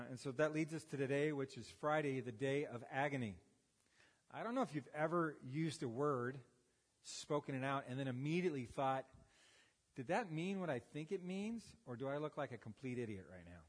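A man's voice: on the high side, in a large hall. A man in his fifties, a pastor, preaching a sermon with folksy stories and self-deprecating humor. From United States. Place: church sanctuary. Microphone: handheld or headset microphone.

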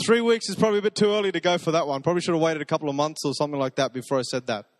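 A man preaching a sermon, telling stories in a conversational way and dropping to soft, intimate repetitions. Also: a little high, very fast, no echo. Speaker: pastor.

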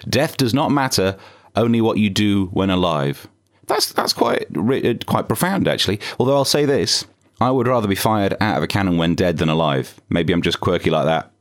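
A British man hosting a comedy podcast, with dry, sarcastic asides in a deadpan monologue. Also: on the low side. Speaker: podcast host.

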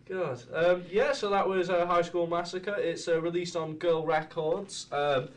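A man's voice: high-pitched, steady tone, a little slow. A young man hosting a casual radio show, joking and chatty with stumbling restarts. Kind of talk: casual chat.

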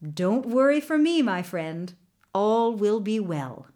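Kindly little talking horse for a storybook, a woman reading it, unhurried and reassuring. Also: medium pitch, sing-song, dark tone. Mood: calm. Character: small talking male horse, loyal and brave. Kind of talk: storybook narration.

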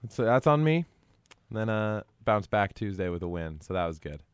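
A man's voice: lowish voice, moderate pace, clear, resonant tone, no echo. A young man co-hosting a casual sports podcast, rambling about coaching middle school basketball. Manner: rambling, animated when quoting kids.

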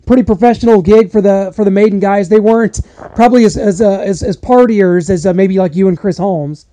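A man interviewing a guest, asking halting questions with many restarts. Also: high voice, dark tone, dry recording, low-quality recording.

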